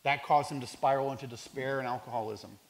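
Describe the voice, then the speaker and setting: A man's voice: medium pitch, fairly even intonation, fast, creaky. Earnest man telling outreach stories. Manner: earnest, reflective, some restarts. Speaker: homeless outreach worker. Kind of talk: storytelling talk.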